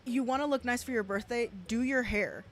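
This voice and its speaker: A woman's voice: on the high side, a little fast, faint music behind. A woman in her twenties from South Texas with a South Texas accent, giving blunt, profane commentary on a stream with frequent restarts. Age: 20s. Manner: blunt and profane, with laughing asides and rambling restarts. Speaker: streamer reacting to clips.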